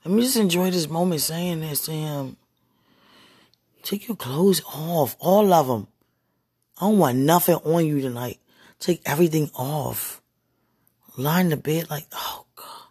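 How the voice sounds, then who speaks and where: A woman speaking an intimate spoken monologue, breathy and husky, often dropping into whispers and sighing exclamations. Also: low voice, a little slow, pauses often, warm tone, no room sound, clean studio sound. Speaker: podcast speaker.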